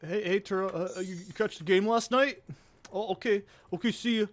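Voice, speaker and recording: A man's voice: high voice, fairly quick, voice pushed up, natural voice. A man voicing a cheerful, folksy paladin with a Canadian accent who makes friendly small talk.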